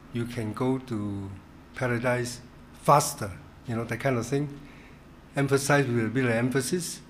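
A man leading a Bible study in a church, teaching in a halting way, repeating words and stressing key words. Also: mid-range voice, a little hiss or hum.

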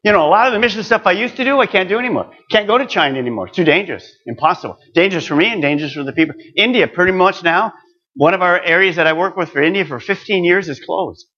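Older male pastor, sermon delivery, earnest, a touch high-pitched, muffled lo-fi sound. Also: lively intonation, quick pace, pushed and bright. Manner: earnest, rising to emphatic exhortation. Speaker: preacher.

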